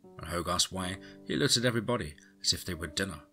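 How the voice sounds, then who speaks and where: A man's voice: sits low, expressive, fast talker, bright, forceful tone. A man reading a horror story aloud as scripted narration, telling it in a dramatic storytelling manner. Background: faint guitar music.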